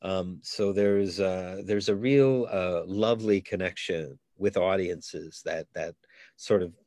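A man's voice: low voice, slow pace, dark tone, no room sound. A middle-aged man, a comedian from Canada, chatting in an interview and telling rambling stories with many restarts. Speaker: comedian guest. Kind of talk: casual interview chat.

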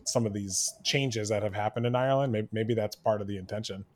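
A man's voice: lowish voice, fairly quick. A man co-hosting a podcast, musing thoughtfully in casual chat with hesitant restarts. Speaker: podcast co-host.

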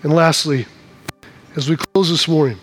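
A man preaching a sermon in church, swinging from hushed, slow lines to loud, acted-out shouts. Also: fairly high pitch, steady tone, a little hiss or hum. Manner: acts out scenes in the voices of people in the story. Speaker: pastor.

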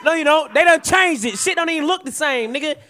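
A man with a Southern US accent and a very high, bright, forceful voice riffs on a comedy podcast. He tells stories loudly and animatedly, often breaking into shouts and laughter. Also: expressive, fast talker, a little hiss or hum. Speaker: podcast co-host. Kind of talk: comedic riffing podcast banter.

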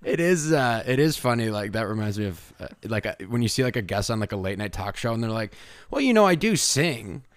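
A man's voice: lowish voice, quick pace, hardly any pauses, no echo. A man hosting a podcast, chatting with a friend in a playful, joking way. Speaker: podcast host. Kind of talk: casual chat.

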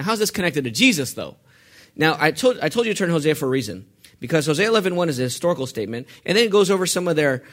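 Pastor guy preaching, kinda high voice, keeps asking the crowd to fill in the answer, goes soft then loud. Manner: asks the congregation questions and lets them fill in answers; swings between hushed and forceful. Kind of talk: sermon.

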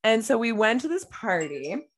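A young woman co-hosting a podcast, telling stories in a giggly, animated way. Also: on the high side, normal speed, breathy edge. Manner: bubbly, giggly, animated storytelling. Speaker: podcast co-host. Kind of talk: casual chat. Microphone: remote call mic.

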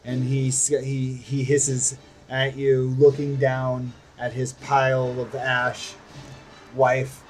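Slow-talking male game master narrating the scene, heard from a distance over faint music. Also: medium pitch, completely flat delivery. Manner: unhurried, hesitant restarts.

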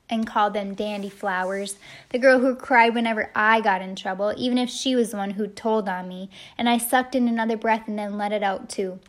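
A woman narrating a first-person audiobook in a heartfelt storytelling manner. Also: mid-range voice. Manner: heartfelt storytelling, shouting the quoted lines.

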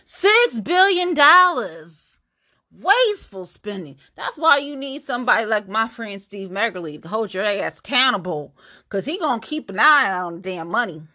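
A woman hosting her own podcast, ranting bluntly and profanely, swinging between loud outbursts and low muttering. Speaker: podcast host. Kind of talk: unscripted solo podcast rant.

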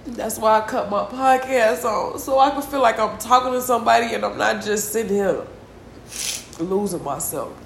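A distressed, tearful woman hosting a solo confessional podcast, venting slowly and heavily with sighs and a lot of swearing. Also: on the high side, gravelly, roomy sound, slight background noise. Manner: slow, heavy, profane venting with sighs. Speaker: podcast host.

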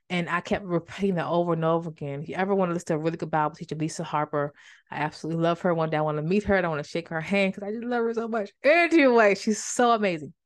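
A woman's voice: on the low side, rapid-fire, no room sound. A woman hosting a podcast and teaching from the Bible in a casual, conversational way, often calling her listeners y'all and getting emotional. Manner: emotional, fighting back tears of joy. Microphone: microphone with a faulty cord.

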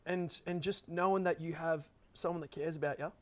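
A man's voice: fairly high pitch, fairly even intonation, a little fast. A man earnestly telling a personal story in a group conversation, rambling with frequent restarts. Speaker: panel guest.

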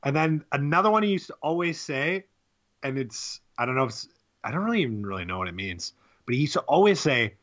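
A man's voice: medium pitch, big pitch swings, fast, a bit bright, dull audio. A young man co-hosting a podcast, rambling and laughing as he tells stories, swearing freely. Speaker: podcast co-host. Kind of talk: casual chat.

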